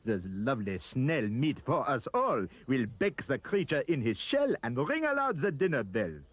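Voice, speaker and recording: A greedy French-accented mob from a storybook, shouting and gloating over their meal, as a man acts them out. The shouts are slow, husky and swing widely in pitch. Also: wildly swooping pitch, exaggerated voice.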